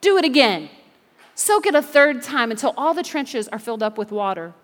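A brash, cocky male prophet calling out his rivals, as a woman preacher puts him on. The voice is fairly high and rings out with the long reverb of a large church hall. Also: sing-song, normal speed. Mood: taunting. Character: bold, confident male prophet calling out challengers.

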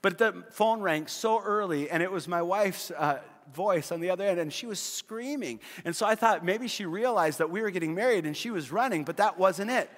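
A middle-aged male pastor preaching, his voice sitting a little high for a man. He tells homey stories with humor, stumbling over repeated words as he goes. The sound carries a long reverb from a big hall. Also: moderate pace, hardly any pauses. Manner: storytelling with humor, frequent repeated restarts. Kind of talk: sermon.

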